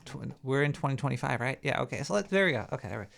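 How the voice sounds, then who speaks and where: A man hosting a live show, rambling and joking as he thinks out loud. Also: mid-range voice, lively intonation, rapid-fire, gravelly. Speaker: show host. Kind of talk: casual live show banter.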